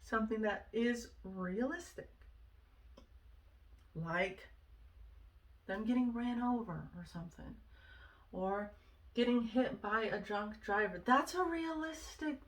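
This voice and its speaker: A woman speaks in an earnest, conversational way, sharing personal advice and checking in with asides. Her voice is bright and forceful, and it sits a little back from the mic. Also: fairly high pitch, animated, slow, long pauses, distant mic. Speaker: vlogger sharing self-help advice. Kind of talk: casual personal advice talk.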